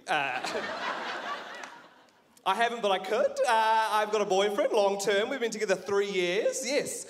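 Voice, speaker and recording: Wry New Zealand comedian, high voice. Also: male voice, animated, measured pace, pauses often, background noise. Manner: wry, self-deprecating, laughing at his own lines. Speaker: stand-up comedian. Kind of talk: stand-up comedy set. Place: stage.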